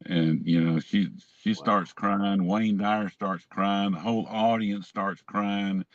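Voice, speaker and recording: Low-voiced man telling stories. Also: steady tone, takes it slowly, no echo, muffled recording. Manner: rambling, self-amused anecdotes with restarts. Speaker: guest. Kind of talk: casual storytelling.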